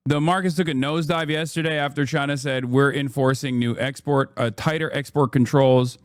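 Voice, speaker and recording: A man's voice: medium pitch, fairly even intonation, a little fast, no echo, clean studio sound. A man in his thirties ranting sarcastically and with profanity as he reacts to news on a live stream. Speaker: political streamer. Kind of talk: casual reaction commentary.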